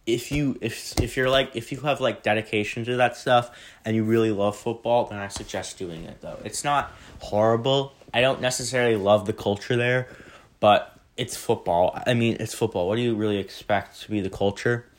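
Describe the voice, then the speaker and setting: A man's voice: on the low side, normal speed. Rambling young man on a phone mic. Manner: rambling, self-correcting, chatty. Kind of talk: casual vlog Q&A.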